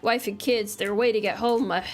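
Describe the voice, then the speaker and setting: A woman voicing a weary middle-aged dad with a desk job, deadpan and low. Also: moderate pace, natural voice.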